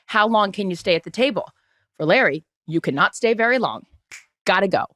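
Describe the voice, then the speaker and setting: A woman's voice: mid-range voice, fairly quick, no echo. A woman co-hosting a podcast, chatting casually and telling stories with lots of energy. She acts out the other people in her anecdotes and swears now and then. Her voice sits in a middle range and sounds close and dry. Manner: animated storyteller, acts out quotes, swears casually. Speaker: podcast co-host. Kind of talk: casual storytelling chat.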